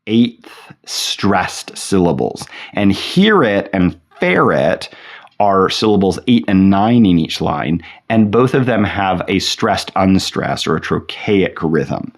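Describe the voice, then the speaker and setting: A man giving a thoughtful talk on poetry, reading poems slowly aloud and pausing with fillers and restarts. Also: low voice. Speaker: poetry lecturer.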